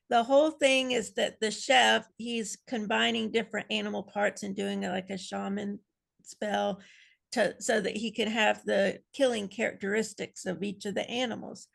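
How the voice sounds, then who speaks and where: Playful rambling woman with a gravelly edge. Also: mid-range voice. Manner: rambling, playful, chuckling asides. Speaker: fan panelist. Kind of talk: casual video-call chat.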